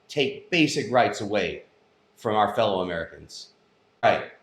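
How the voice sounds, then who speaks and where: A man's voice: fairly low pitch, big pitch swings, moderate pace, echoey room. A man hosting a news commentary show, speaking in an impassioned, emphatic way. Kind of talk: opinion commentary monologue.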